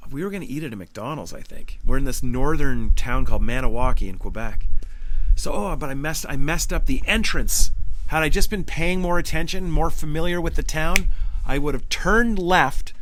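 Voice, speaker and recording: Lively storytelling man, slightly high voice. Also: a little hiss or hum. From Canada. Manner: animated, laughs often, acts out quotes. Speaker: podcast host and business consultant. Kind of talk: casual storytelling monologue.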